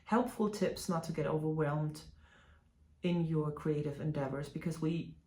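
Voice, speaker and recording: A woman's voice: low voice, fairly even intonation, normal speed, dark tone. A woman from Germany, a native German speaker, chatting casually to camera as a stitching vlog host, with many fillers and restarts. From Germany (Hanover). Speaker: flosstube host. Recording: echoey room.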